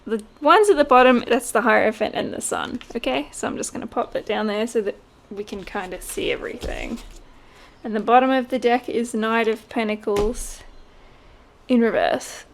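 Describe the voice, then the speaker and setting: A woman giving a casual tarot reading, chatty and quick to laugh. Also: on the high side, expressive, vocal fry, slight background noise. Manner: chatty, laughs often, mimics voices in quotes. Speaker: tarot reader.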